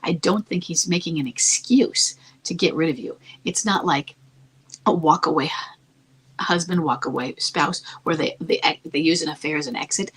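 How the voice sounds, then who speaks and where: A woman speaks low and a little husky as she gives marriage advice. Her delivery is soft and calm, sometimes near a whisper. She sounds earnest and reassuring throughout. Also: normal speed, poor audio. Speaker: marriage coach answering a listener's question. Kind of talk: advice talk.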